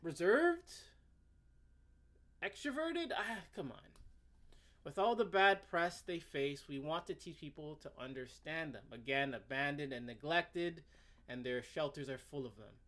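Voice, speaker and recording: A man's voice: on the high side, animated, a little slow. A man hosting a commentary video, reading a web page aloud and ranting about it in a sarcastic, exasperated way, stammering and restarting often. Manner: sudden swings between loud outbursts and muttering.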